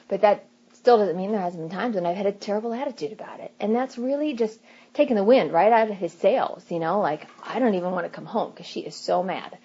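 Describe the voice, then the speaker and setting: A woman in her thirties giving earnest, faith-based advice in casual talk, acting out little quoted asides in a hushed voice. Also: mid-range voice, muffled recording.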